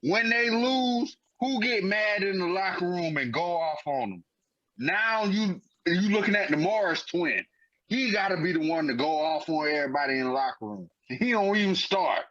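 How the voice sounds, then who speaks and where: A male sports podcast co-host argues emphatically and animatedly, packed with casual slang. His voice is high and moderately paced, and the recording sounds dull and lo-fi.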